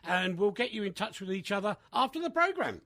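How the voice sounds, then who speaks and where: A man hosting a casual radio chat, animated and chatty with many fillers. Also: sits high, fairly quick, no echo. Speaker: radio host.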